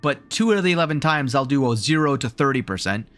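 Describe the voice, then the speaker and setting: A man with a Southern drawl rambles through live gameplay commentary, thinking aloud between attempts. His voice sounds worn from a long session. Soft game music plays faintly behind him. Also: mid-range voice, lively intonation, fast talker, dry recording. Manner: rambling self-talk while playing, thinking aloud. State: voice wearing out. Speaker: streamer.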